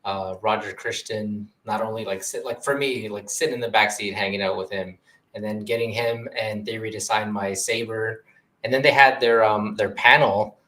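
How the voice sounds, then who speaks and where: A man in casual podcast chat, telling stories in a relaxed way. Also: lowish voice, moderate pace. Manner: relaxed, storytelling.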